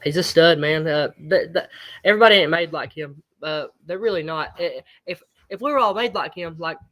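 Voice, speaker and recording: Fast-talking, high-voiced man. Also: pushed and bright. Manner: blunt, emphatic, swears freely. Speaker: fight promotion owner, guest. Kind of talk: casual interview chat.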